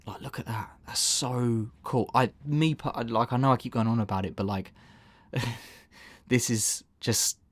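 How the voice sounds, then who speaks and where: A man hosts a casual live stream, rambling, interrupting himself mid-sentence, and laughing often. His mid-range voice has fairly even intonation and a slightly slow pace, with no room sound.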